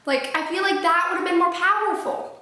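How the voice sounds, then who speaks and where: A young woman giving a gushing, excitable book review in casual talk. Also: extremely high pitch, brisk. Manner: gushing, excitable, lots of fillers. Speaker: book vlogger. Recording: very echoey room.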